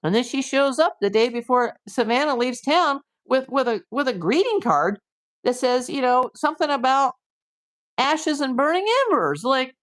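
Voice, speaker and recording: A woman from the USA hosts a live stream as a private investigator, talking straight to her viewers. Her voice sits a little high. She talks emphatically and indignantly, piling up rhetorical questions. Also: expressive, normal speed.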